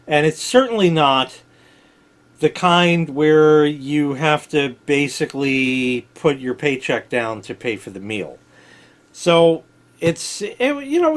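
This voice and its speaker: Blunt rambling man with a lively voice. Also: on the high side. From New York. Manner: blunt, digressive, swears freely. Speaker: vlog host telling stories. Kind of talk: rambling casual storytelling.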